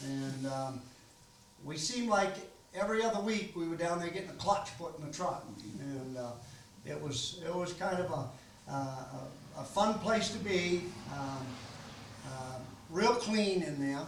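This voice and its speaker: An older man from Maine tells stories to a room full of people, rambling and folksy, with plenty of ums and restarts. His voice sits fairly high. It comes from far off in a very echoey library room. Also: a little slow, a little hiss or hum. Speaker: host of a storytelling gathering. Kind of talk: casual storytelling to an audience.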